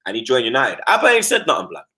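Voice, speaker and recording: A man holds forth on football in casual live-stream chat, his voice jumping up and down with lively swings. His tone is bright and punchy, and he throws in street slang and tag questions constantly. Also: mid-range voice, quick pace. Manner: animated, slangy, repeats tags like "blood" and "you get me". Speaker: football fan pundit.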